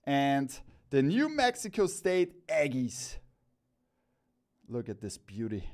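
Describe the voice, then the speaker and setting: A man hosting a live-stream product showcase, talking in an excited, enthusiastic and rambling way as he presents hats one by one. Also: a little high. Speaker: cap store host.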